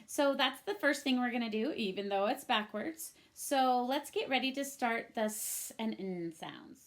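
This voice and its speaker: Here's a cheerful woman teaching children from home, her voice sitting a bit high. She sounds patient and upbeat as she walks young kids through their lesson. She speaks right to them into a laptop mic. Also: animated, normal speed, a bit bright. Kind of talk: recorded remote phonics lesson for young children.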